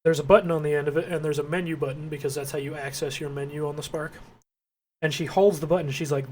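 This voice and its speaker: A young man with a slightly high voice rants through a story about a difficult customer. He swears constantly and plays out both his own lines and hers. A faint hiss sits under the recording. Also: fairly even intonation, quick pace. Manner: angry, profane, acts out both sides of the story. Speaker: podcast co-host. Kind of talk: casual ranting story.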